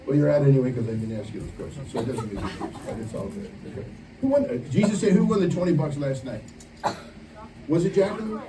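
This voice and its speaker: Teasing camp preacher in an echoey hall. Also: male voice, fairly high pitch. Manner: playful teasing, barking quick commands. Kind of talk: leading a game for campers. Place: camp meeting hall with campers. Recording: echoey hall, distant mic, noisy.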